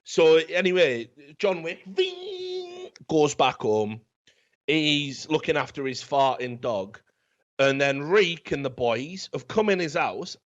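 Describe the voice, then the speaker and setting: A man's voice: mid-range voice, fairly bright tone. A man hosting a casual comedic film review, telling the story in a rambling, profane way. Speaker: film review podcast host. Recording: dull, lo-fi sound.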